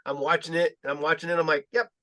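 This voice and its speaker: A man with a fairly high voice spins loose, profane stories, laughing often and getting animated as he acts out what people said. The sound is close and dry, with no room around it. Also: fast talker, no room sound. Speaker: guest filmmaker. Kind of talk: casual storytelling chat.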